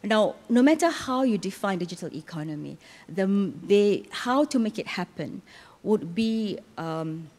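A woman's voice: mid-range voice, animated, unhurried, a little mellow. A woman from Malaysia with a sore throat answering as a panelist at a conference, earnest and explanatory with some restarts. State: sore throat, losing her voice. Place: conference hall.

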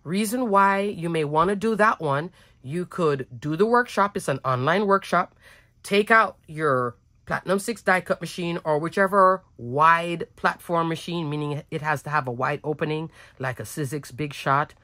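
A woman's voice: sits low, moderate pace, sharp tone, dry recording, studio quality. A woman hosting a crafting video, talking in a bubbly, chatty way with a smile in her voice. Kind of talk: casual product walkthrough.

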